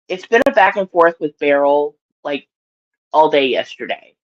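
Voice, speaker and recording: A woman's voice: deep voice, expressive, normal speed, highs cut off. A woman with a Southern US accent chatting casually to her live-stream audience, rambling and laughing often.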